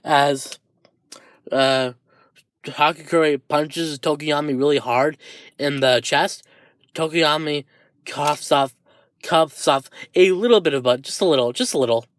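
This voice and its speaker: A man's voice: a little high, a little slow, pauses often, dry recording. A man improvising a fan story aloud, rambling and hesitant with many restarts.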